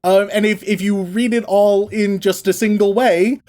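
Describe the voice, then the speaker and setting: A man co-hosting a podcast, casually retelling a story with lots of swearing and quick acted-out asides. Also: high voice, steady tone, a little mellow. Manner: profane, playful, acts out characters in quick asides. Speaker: podcast co-host.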